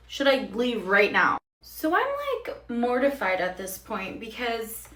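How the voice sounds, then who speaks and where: A woman's voice: a little high, lively intonation, takes it slowly, pushed and bright. Blunt young woman in an echoey room. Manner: candid and blunt, swears freely, voices other people's lines. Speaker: storytime creator. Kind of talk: casual storytime vlog. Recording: echoey room, mic at a distance.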